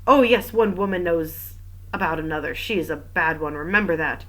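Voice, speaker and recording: A woman's voice: sits low, normal speed, a bit bright, poor audio. A woman reading the part of a stubborn, gossipy old female French servant, speaking firmly and with emphasis. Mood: insistent.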